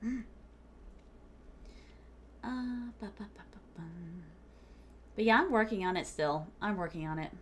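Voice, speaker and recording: Speaking at medium pitch with an animated but measured delivery, this VTuber pauses often while a faint hiss or hum sits under her voice. She chats playfully with her stream audience during a game, calling them "my starlings," giggling, slipping in Japanese phrases, and saying "like" a lot.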